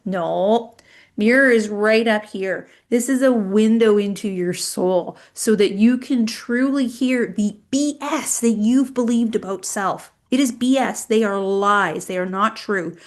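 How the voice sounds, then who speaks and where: A woman hosts a motivational live Q&A with an encouraging, reassuring manner. Her voice sits at an ordinary middle pitch. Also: unhurried. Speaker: host.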